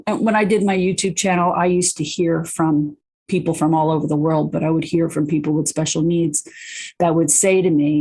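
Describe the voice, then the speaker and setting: Lively fast-talking middle-aged woman. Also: sits low, husky. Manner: animated, talks fast with many "you know"s and restarts. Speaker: guest, children's book author. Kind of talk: casual interview chat.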